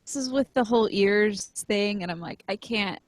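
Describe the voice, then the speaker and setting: A woman co-hosting a casual podcast chat, friendly and quick to laugh, talking in loose run-on sentences. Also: mid-range voice, a little mellow, dry recording. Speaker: podcast co-host.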